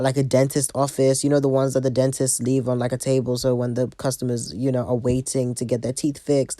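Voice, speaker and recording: A woman's voice: deep voice, a little mellow, no room sound, clean studio sound. A woman giving a casual, profane rant review with a sassy, blunt manner. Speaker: wrestling show reviewer.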